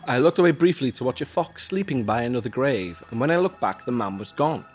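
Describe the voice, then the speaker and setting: A man's voice: mid-range voice, lively intonation, a little fast, slightly rough, faint music behind. A man from Huyton, co-hosting a podcast and reading listener emails aloud in a chatty, jokey way with self-mocking asides. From Huyton, Merseyside, England.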